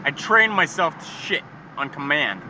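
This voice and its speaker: A man's voice: a little high, big pitch swings, measured pace, pushed and bright, rough recording. A man delivering a heated, profane comedic rant, rambling and repeating himself. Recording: street recording with traffic noise. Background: passing cars.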